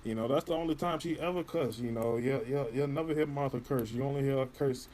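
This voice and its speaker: A man's voice: mid-range voice, fast, darkish tone, a little hiss or hum. A man in casual interview chat, rambling and profane, filling his talk with "you know". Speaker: podcast guest.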